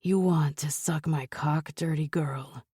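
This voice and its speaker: A woman's voice: takes it slowly, mellow, husky, no room sound, studio quality, exaggerated voice. Woman voicing a growling, commanding mafia lover. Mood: husky, commanding. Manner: low growling, purring tone.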